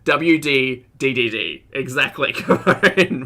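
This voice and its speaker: A man's voice: medium pitch, expressive, slow pace, pushed and bright. A man doing live-stream reaction commentary, chatty, laughing often and greeting viewers in chat.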